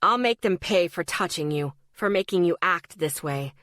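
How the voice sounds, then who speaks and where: A woman's voice: on the low side, expressive, moderate pace, a bit bright, no room sound, clean studio sound. A woman reading the lines of a possessive, menacing young man who growls over the phone.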